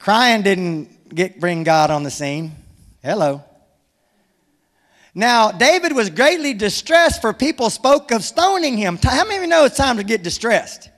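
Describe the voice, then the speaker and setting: A man preaches with a strikingly high voice, mixing jokes with firm urging. His sermon rings through a large hall with a long reverb tail. He sounds animated and direct. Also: unhurried. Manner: animated, humorous, exhorting. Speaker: pastor.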